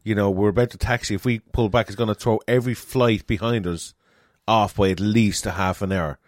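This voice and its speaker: A man's voice: fairly low pitch, fairly even intonation, fairly quick, no room sound, studio quality. A man co-hosting a podcast, riffing sarcastically and slipping into mock voices. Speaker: podcast co-host. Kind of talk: casual comedic chat.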